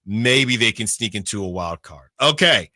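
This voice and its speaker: A man's voice: fairly low pitch, expressive, normal speed, bright, forceful tone, no room sound, studio quality. A man hosting sports radio, reading out team records in casual talk and checking himself as he goes. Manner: reads out records, self-checking.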